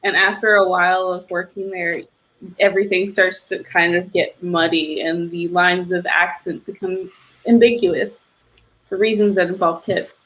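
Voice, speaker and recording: A woman's voice: lowish voice, flat delivery, moderate pace, fairly bright tone, poor audio. Playful woman telling anecdotes on a stream. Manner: playful storyteller, laughs while talking. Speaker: stream guest. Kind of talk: casual chat.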